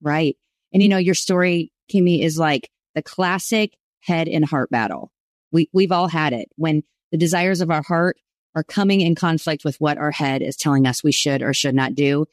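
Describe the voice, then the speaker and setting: A woman's voice: low voice, normal speed, no echo, clean studio sound. A woman co-hosting a Bible study podcast, explaining scripture with enthusiasm. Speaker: co-host.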